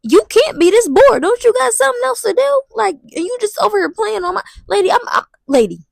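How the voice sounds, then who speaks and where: A woman's voice: very high voice, big pitch swings, brisk, vocal fry, dry recording. A young woman telling a dramatic, slangy storytime vlog. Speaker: vlogger. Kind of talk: casual storytime monologue.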